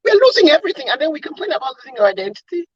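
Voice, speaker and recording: A woman's voice: sits high, sing-song, very fast, no echo, lo-fi sound. A woman from Cameroon co-hosting a casual chat, making earnest, emphatic points and building her argument with questions. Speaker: co-host.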